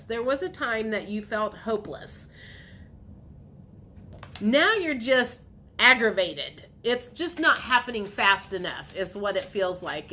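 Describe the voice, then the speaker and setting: A woman reads tarot cards for an unseen audience in a loose, chatty monologue, circling back and repeating herself as she thinks aloud. Her voice sits somewhat high. A faint noise hangs under the recording. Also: pushed and bright. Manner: chatty, repetitive, acts out voices of the viewer. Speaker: tarot reader. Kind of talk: casual tarot reading monologue.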